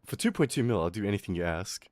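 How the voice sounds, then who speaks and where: A man's voice: lowish voice, expressive, quick pace, darkish tone, no echo. A young Australian man chatting casually on a livestream, rambling, swearing and laughing often, his throat a little irritated. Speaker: VTuber streamer.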